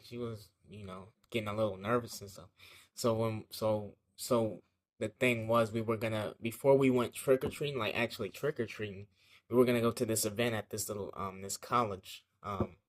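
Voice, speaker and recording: A young man telling a childhood story in a casual vlog, rambling and slangy, with lots of fillers and swearing. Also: on the low side.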